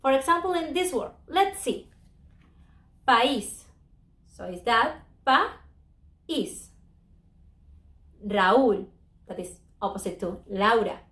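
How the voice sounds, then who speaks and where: A woman whose first language is Spanish, teaching a Spanish lesson in English and slowly drawing out each example word. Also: on the high side, lively intonation, a bit bright. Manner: slow, drawn-out modeling of words, non-native English grammar. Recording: echoey room.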